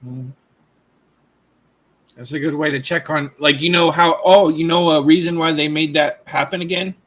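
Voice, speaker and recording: High-voiced man, teasing and jokey. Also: fairly even intonation, normal speed, a bit bright. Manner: teasing, laughs a lot, jokey. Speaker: guest panelist. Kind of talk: casual live stream chat.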